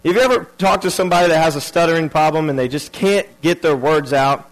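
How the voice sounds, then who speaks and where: A man's voice: on the high side, fast talker, low-quality recording. A man preaching a sermon earnestly, repeating key phrases and restarting his sentences.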